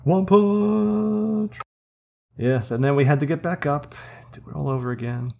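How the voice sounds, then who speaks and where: A man's voice: a little high, unhurried, creaky, a little mellow, lo-fi sound. Joking male podcast co-host. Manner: jokey storyteller, acts out quotes. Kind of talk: casual podcast chat about an online game.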